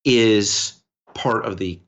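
A man co-hosting a podcast, telling a story in a rambling, animated way with lots of restarts. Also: fairly low pitch, takes it slowly. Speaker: podcast co-host. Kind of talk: casual podcast conversation.

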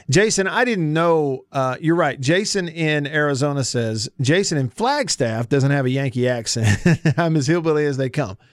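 A man's voice: a little high, lively intonation, measured pace, dry recording. A man hosting a casual sports talk radio show, with a Southern accent, folksy and chatty as he reads listener texts. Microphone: studio mic. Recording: dry studio sound.

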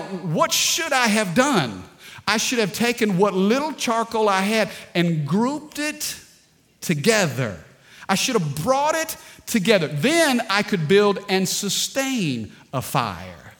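A man pastor preaching a lively sermon, calling out to the congregation and telling funny stories. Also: high voice, slow pace. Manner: dynamic preaching, call-and-response with congregation, storytelling with humor. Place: large church sanctuary. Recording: long hall reverb.

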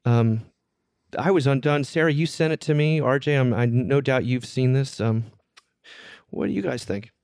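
A man's voice: medium pitch, moderate pace, darkish tone, dry recording, studio quality. A man hosting a casual podcast, telling a story with earnest feeling and reading passages aloud to his co-hosts. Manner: earnest, reads passages aloud and retells them. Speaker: podcast host.

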